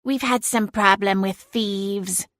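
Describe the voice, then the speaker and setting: A woman's voice: medium pitch, animated, moderate pace, a bit bright, dry recording, close to an everyday voice. A woman voicing a snarky, nosy female talking cat in an audiobook, grumbling and blunt. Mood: interrogating. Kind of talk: audiobook character voice.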